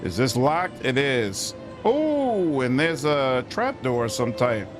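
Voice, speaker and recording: A man's voice: medium pitch, very animated, takes it slowly. A man streaming a role-playing game, chatty and reactive, laughing often as he comments. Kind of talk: casual gameplay commentary. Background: game music.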